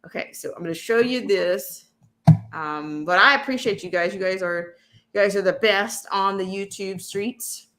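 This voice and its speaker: Bright-voiced woman hosting a rambling livestream. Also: mid-range voice, normal speed. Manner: rambling, many restarts and "you know". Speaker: livestream host. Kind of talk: casual livestream chat.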